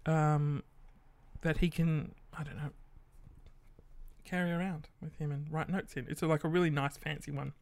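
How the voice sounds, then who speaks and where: A man's voice: fairly high pitch, flat delivery, moderate pace, darkish tone, dry recording. An Australian man rambling through a casual story, swearing now and then and full of fillers.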